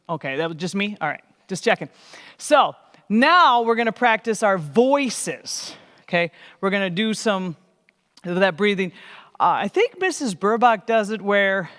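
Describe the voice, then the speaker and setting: High-voiced man leading warm-ups. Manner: upbeat, encouraging, coaxing. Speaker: children's program leader. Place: church hall. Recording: echoey hall.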